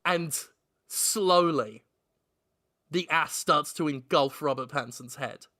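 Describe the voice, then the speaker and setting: A man co-hosting a comedy podcast, narrating an absurd improvised story with deadpan delivery. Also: on the high side, slow pace, dry recording, studio quality. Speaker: podcast co-host.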